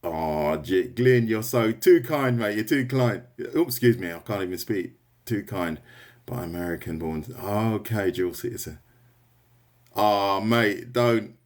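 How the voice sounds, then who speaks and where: A man's voice: fairly low pitch, expressive, measured pace, a little mellow. A man chatting casually on a drawing livestream, rambling and answering viewer comments. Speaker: artist livestreamer.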